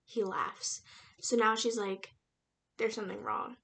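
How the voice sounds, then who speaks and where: A woman's voice: medium pitch, fairly even intonation, unhurried, creaky, a bit bright. A young woman casually retelling a novel's plot in a chatty, slangy book review vlog, with lots of fillers. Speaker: book reviewer and aspiring writer.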